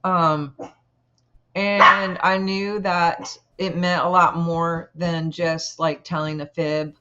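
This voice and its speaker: A woman guest telling a personal story in an interview, earnest and halting, with many pauses. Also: fairly low pitch, little pitch movement, pushed and bright, smooth, lo-fi sound.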